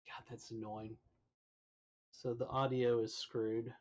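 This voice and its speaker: A man's voice: mid-range voice, little pitch movement, takes it slowly, darkish tone, muffled recording, slight background noise. A man live-streaming an online role-playing game, chatting casually and muttering as he troubleshoots his audio, his voice cracking now and then. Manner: muttering, troubleshooting aloud, mildly exasperated.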